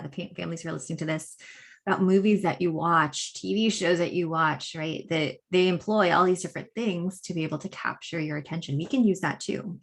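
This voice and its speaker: A woman hosting an interview, asking friendly, affirming questions. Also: lowish voice. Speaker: host.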